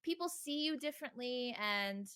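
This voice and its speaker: A woman's voice: fairly high pitch, lively intonation, normal speed, a bit bright, smooth. A young woman co-hosting a podcast, talking candidly and frankly in casual chat. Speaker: podcast co-host.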